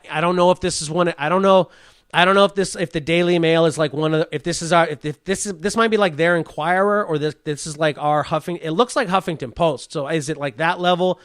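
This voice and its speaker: A man's voice: a little high, steady tone, fairly quick, clean tone, no room sound. A man hosting a comedy podcast, ranting profanely and stumbling over words as he reads. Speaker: podcast host.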